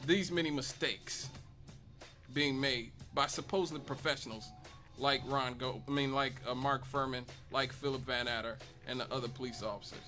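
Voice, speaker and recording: A man's voice: medium pitch, normal speed, sharp tone, faint music behind. A man hosting a talk radio show, delivering an emphatic monologue and building his case with rhetorical questions. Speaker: radio host.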